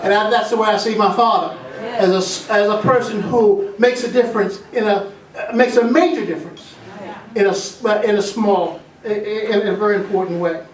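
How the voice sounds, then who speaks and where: A man's voice: sits high, steady tone, moderate pace. A middle-aged man giving a homespun tribute speech about his father at a family gathering, repeating phrases and restarting sentences. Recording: roomy echo, voice from far off.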